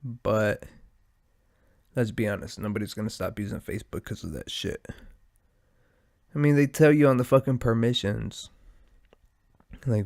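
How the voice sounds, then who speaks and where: Gravelly, stuffy-nosed man rambling profanely. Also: on the low side, normal speed, long pauses, darkish tone, no room sound, studio quality. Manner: profane, meandering, laid-back. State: stuffy nose, out of breath. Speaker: podcast host. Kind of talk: casual rambling monologue.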